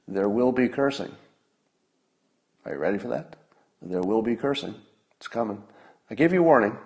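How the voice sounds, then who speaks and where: A man in his sixties hosting a casual livestream, talking wryly and conversationally, with sudden emphatic rises and low mutters. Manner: conversational, wry, drifts between loud emphasis and mutters. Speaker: podcast host.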